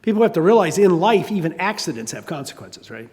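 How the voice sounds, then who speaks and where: A man's voice: high-pitched, sing-song, fast, darkish tone, in a large hall. An older man preaching a sermon, telling a story with conversational asides. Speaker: pastor.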